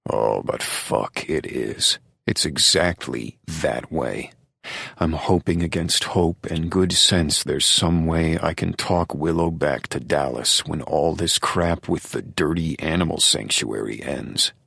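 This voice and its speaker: A man with a very deep, gravelly voice narrates a romance audiobook in the first person. His tone is husky, and the recording is dry and close, as in a studio booth. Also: slow pace, pushed and bright, dry recording.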